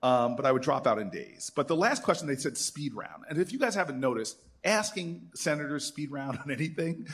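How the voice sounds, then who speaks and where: A man in his fifties, a senator, telling animated stories at an alumni event and acting out the people he quotes. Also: on the high side, brisk, hardly any pauses, husky. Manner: animated storyteller who acts out quoted voices. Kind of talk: storytelling speech.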